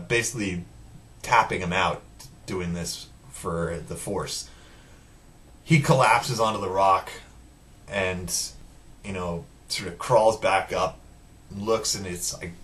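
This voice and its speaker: A man's voice: sits low, far from the mic. A man retelling a film scene by scene in a casual, profane way, acting out the characters' lines as he goes. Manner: profane, animated retelling with acted-out quotes. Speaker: film reviewer. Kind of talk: casual spoiler recap.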